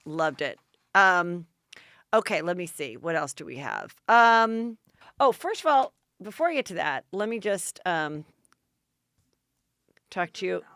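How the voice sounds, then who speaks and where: A woman with a bright, smooth voice that sits slightly low asks a guest gossipy, probing questions. The sound is dry and close. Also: sing-song, a little slow, long pauses, dry recording. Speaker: podcast host. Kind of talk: casual interview chat.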